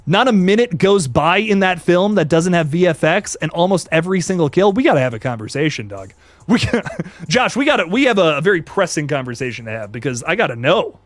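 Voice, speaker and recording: A young man hosting a casual live stream, reading chat and reacting with excitable slang and quick restarts. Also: fairly high pitch, dry recording. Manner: excitable, laid-back slang, frequent laughs and restarts.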